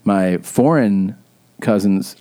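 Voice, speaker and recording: Relaxed joking male podcast host. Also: on the low side, slow pace. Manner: laid-back, joking. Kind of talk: casual podcast chat.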